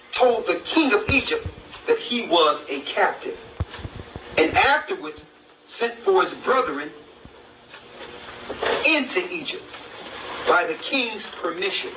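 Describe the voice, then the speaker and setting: A high-voiced man reads and explains a historical text at an unhurried, deliberate pace, pressing his points with questions. He is heard from a distance in a roomy, echoing space with clear noise behind him. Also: expressive. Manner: slow, emphatic reading with rhetorical questions. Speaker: religious video host. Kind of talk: reading and commenting on a historical text. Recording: roomy echo, distant mic, noisy background.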